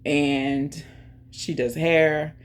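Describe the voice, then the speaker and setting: A woman hosting her own channel, chatting casually and directly to viewers, giving shout-outs and talking about faith. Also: sits low, fairly even intonation, drawn-out words. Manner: chatty, talks straight to viewers with lots of "y'all". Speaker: YouTube channel host. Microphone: earphones in, music playing in her ear.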